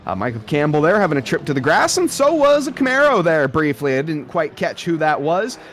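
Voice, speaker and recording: A man's voice: a little high, very animated, brisk, a bit bright, slight background noise. A young man doing live sim racing commentary, rambling in a jokey, self-aware way.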